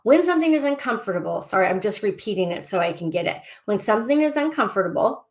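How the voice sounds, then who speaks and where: An excitable woman coaching a group in a loose, casual way. She circles back and repeats her phrases and clearing statements, stopping herself mid-thought to start again. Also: mid-range voice, fast talker. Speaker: life coach. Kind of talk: coaching session, casual and repetitive.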